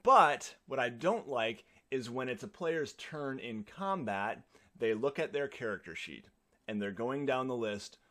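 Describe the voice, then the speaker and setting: A man delivers practical advice in a clear, instructive manner, explaining points step by step at a middle pitch. He sounds like a video presenter walking viewers through tips. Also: animated, unhurried, fairly bright tone.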